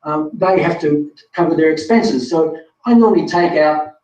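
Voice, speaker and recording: A man's voice: on the high side, moderate pace, a little mellow. A man presenting a live online webinar, talking straight to viewers in a chatty, self-correcting way. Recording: distant roomy lo-fi sound.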